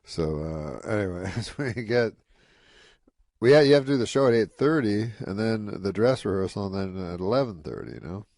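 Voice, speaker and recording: A man guest on a radio show, telling rambling deadpan anecdotes with plenty of "you know". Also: on the low side, normal speed, gravelly, dry recording. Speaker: comedian guest. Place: radio studio.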